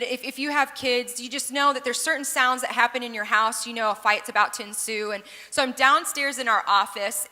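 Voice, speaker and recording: A woman in her thirties preaching from the stage, animated and earnest with bits of humor. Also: fairly high pitch. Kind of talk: sermon storytelling. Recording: long hall reverb.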